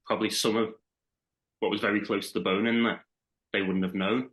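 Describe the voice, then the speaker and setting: A man in his thirties with a Liverpool accent talks as a podcast guest. His voice sits low, and he speaks in an easygoing way, circling back and restarting sentences as his thoughts unfold. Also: little pitch movement, fairly quick, a bit bright. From Liverpool, England. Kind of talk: casual chat.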